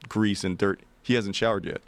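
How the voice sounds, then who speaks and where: A man with a low, gravelly voice tells a story casually, swearing freely and acting out the other people's lines. The sound is close and dry, with no room echo. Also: normal speed. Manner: animated, profane, acts out quotes.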